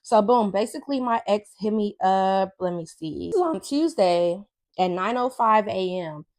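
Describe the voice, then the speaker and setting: A woman's voice: mid-range voice, expressive, normal speed, darkish tone. A young woman vlogger telling a story in a blunt, sassy, profane way to her viewers. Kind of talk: casual storytime vlog.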